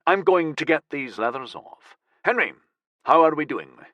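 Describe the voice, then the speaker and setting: A male narrator voicing a gruff, matter-of-fact middle-aged man in an audiobook. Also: on the high side, big pitch swings, normal speed, a bit bright, dry recording, muffled recording, voice pushed up.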